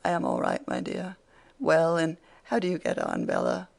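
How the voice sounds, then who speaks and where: An audiobook reader playing a gentle, meek little father who answers mildly and soothingly. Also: mid-range voice, huge pitch swings, moderate pace, creaky, heavily acted. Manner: mild, soothing and agreeable.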